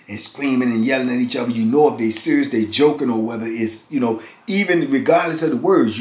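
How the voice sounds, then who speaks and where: Man in his fifties telling a story. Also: mid-range voice. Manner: animated, acts out others' voices. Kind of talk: casual storytelling. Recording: roomy echo.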